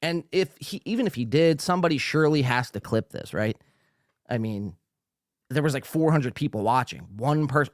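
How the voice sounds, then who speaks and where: A man's voice: mid-range voice, expressive, normal speed, dry recording, clean studio sound. A man hosting a podcast, ranting casually with lots of swearing, fillers and restarts, and he is a little tipsy. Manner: rambling, profane, with frequent fillers and restarts. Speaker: podcast host.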